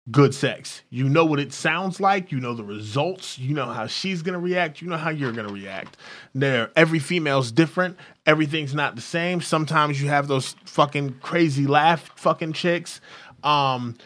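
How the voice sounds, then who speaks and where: A man co-hosting a casual chat, telling crude stories in an animated way and acting out what people said. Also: on the high side, normal speed. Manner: crude, animated storytelling with acted-out quotes. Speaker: podcast co-host.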